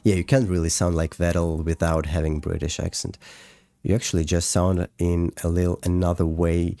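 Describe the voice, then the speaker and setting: A man with a Russian accent, a native Russian speaker, streaming casually as he reads chat and explains his animation work, halting with frequent fillers and restarts. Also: sits low, level tone, mellow, no room sound.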